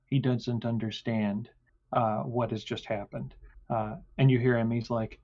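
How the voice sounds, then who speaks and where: A man narrating a tabletop game as game master, pausing often with fillers. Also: medium pitch, flat delivery, darkish tone. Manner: halting, many fillers. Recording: dull lo-fi sound.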